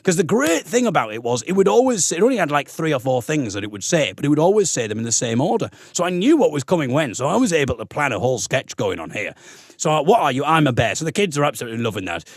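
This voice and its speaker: Man, casual storyteller, animated and lively pitch, dry close sound. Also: quick pace, dry recording. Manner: animated storyteller who slips into silly voices. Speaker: comedian guest.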